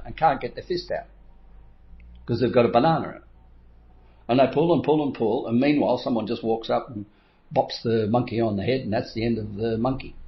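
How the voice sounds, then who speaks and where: A middle-aged man coaching in a motivational talk, telling stories and acting out his own inner voice with frequent chuckles. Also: mid-range voice. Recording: slightly dull lo-fi recording.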